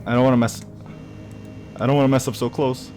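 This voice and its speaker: A man's voice: mid-range voice, flat delivery, fairly quick, darkish tone, faint music behind. A young man giving casual let's-play commentary on a horror game, reacting aloud with gasps and plenty of fillers. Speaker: gaming YouTuber.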